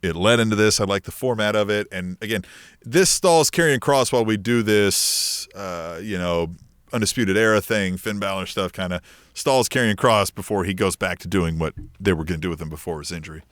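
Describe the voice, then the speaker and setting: A man's voice: fairly low pitch, fairly quick, no room sound, clean studio sound. A man co-hosting a wrestling podcast, casually recapping matches and acting out what wrestlers said, with some swearing. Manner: animated, acts out quotes, swears. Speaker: podcast co-host.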